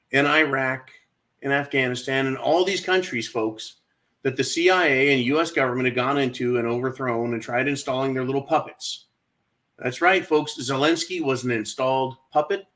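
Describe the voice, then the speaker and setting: A man's voice: mid-range voice, a bit bright. A man hosting his own channel, delivering a sarcastic political rant and calling out to his audience as folks. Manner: ranting, keeps addressing folks and asking right?; mocking, sarcastic. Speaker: channel host.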